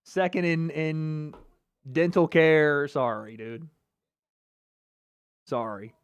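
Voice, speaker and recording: A man's voice: a little high, steady tone, slow pace, clean tone, highs cut off. A man hosting a casual livestream watch party, reading chat comments aloud and joking and trash-talking with lots of laughter. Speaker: livestream host.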